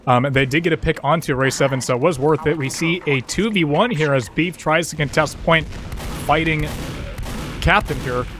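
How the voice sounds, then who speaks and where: A man giving steady, analytical color commentary as an esports caster, leaning on fillers. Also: a little high, normal speed, background noise. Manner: steady explaining, many fillers like kinda.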